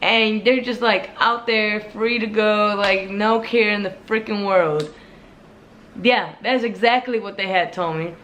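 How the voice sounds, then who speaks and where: A vlogger telling a casual storytime rant in an exasperated, animated way, full of fillers and quoted back-and-forth. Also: medium pitch, a little slow.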